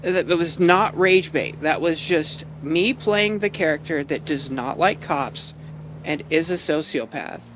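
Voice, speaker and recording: A man's voice: on the high side, a little slow, a bit bright, slight background noise. A man streaming a role-play game, rambling out of character in casual, profane chat and laughing often. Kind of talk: out-of-character gameplay commentary.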